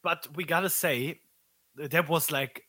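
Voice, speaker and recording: A man co-hosting a podcast, excitedly retelling movie scenes in casual chat. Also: fairly high pitch, a little slow, dry recording. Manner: excitable, full of fillers and restarts. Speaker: podcast co-host.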